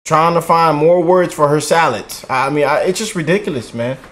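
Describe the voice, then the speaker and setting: A man's voice: fairly high pitch, moderate pace, a bit bright. A man watching along as a co-viewer, talking in a casual, exasperated, colloquial way. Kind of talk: casual reaction chat.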